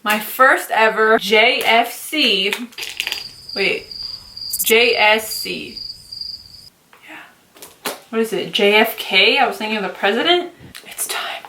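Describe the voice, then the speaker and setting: A young woman beauty vlogger talking through an excited unboxing and makeup tutorial, gushing and dramatic with lots of slang. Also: medium pitch, slow pace, long pauses, background noise.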